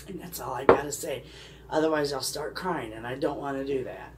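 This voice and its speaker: Heavy background noise surrounds a middle-aged woman whose voice rumbles low and runs a little fast. She hosts a homesteading channel, and here she's chatting casually to camera, rambling and emotional, speaking from the heart.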